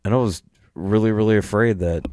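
A man's voice: lowish voice, a little fast, a little mellow, no room sound, studio quality. A young man telling an emotional story about a friend, choking up and swearing, laughing through the tears. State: choked up, close to tears. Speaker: hunting personality.

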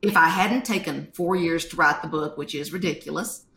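A woman, a podcast guest telling stories in an animated way and acting out quotes. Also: sits low, normal speed, reverberant. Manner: animated storytelling, acts out quotes. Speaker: guest author. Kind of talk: podcast interview.

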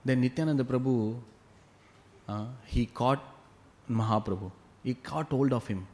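A man giving a devotional class who retells a scripture story with lively asides, often tossing in "you know" and "huh?". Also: mid-range voice, measured pace.

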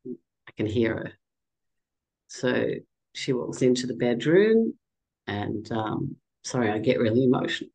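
A middle-aged woman speaks slowly as an interview guest. Her voice has a gravelly edge, and she tells her story haltingly with emotion, often restarting her sentences. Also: very deep voice, very animated, dark tone, poor audio. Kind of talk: personal storytelling in conversation.

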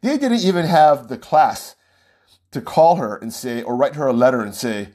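A man's voice: mid-range voice, expressive, normal speed, darkish tone. A man hosting a show, giving a casual, rambling political commentary monologue with frequent chuckles.

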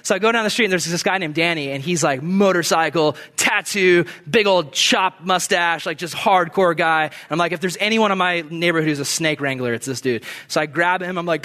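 A young man delivers a sermon in a relaxed, conversational way, telling stories with sudden shouted bursts. His voice sits high for a man. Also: normal speed. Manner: animated storyteller, shouting bursts. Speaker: pastor.

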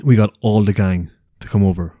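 A man's voice: lowish voice, steady tone, fairly quick, mellow, dry recording, clean studio sound. A man co-hosting a podcast, talking in laid-back casual chat and swearing freely. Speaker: podcast co-host.

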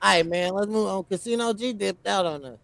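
A man's voice: high-pitched, a little fast, gravelly, fairly bright tone, dry recording. A man co-hosting a casual podcast, joking around in loose, profane banter. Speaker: podcast co-host. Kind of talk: casual chat.

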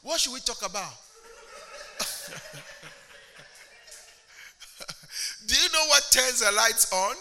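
A man's voice: extremely high pitch, big pitch swings, very slow, pauses often, sharp tone, big-room sound, soft background music. A man preaching a sermon as a pastor, using a prop and mocking impressions of churchgoers.

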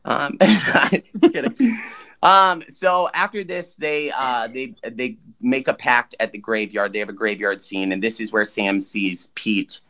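A man with a bright, forward voice chats casually through a movie recap as a podcast co-host. He jokes, swears, and slips into quick impressions of the characters. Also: medium pitch. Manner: jokey, swearing, acts out characters' lines.

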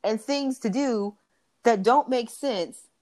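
Expressive woman in casual chat. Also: slow. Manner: expressive retelling, rises in pitch quoting others.

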